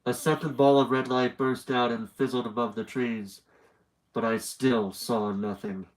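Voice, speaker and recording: A man's voice: mid-range voice, flat delivery, unhurried, low-quality recording. A young man with a slightly nasal voice reads a horror story aloud on a live stream. He wanders off into chatty asides before settling back into the narration. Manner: chatty, rambling asides between story passages.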